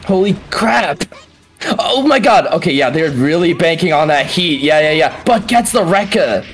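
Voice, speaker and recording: A tournament commentator doing excited fighting game play-by-play, yelling and swearing at big moments, then breaking the action down quickly in between. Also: mid-range voice. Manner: explosive yelling and swearing, frequent exclamations; calmer fast breakdowns between outbursts.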